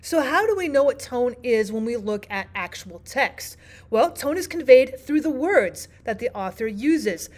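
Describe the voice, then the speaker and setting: A woman with a slightly high voice teaches a literature lesson. She explains each point clearly and keeps turning questions back to the listener, in a steady classroom manner. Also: unhurried. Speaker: language arts teacher.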